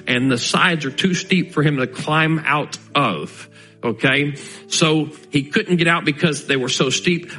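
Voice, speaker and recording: Male pastor, earnest sermon voice, a touch high, faint music bed. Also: fairly bright tone, slightly rough, low-quality recording. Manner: earnest preaching, slowing to stress key lines.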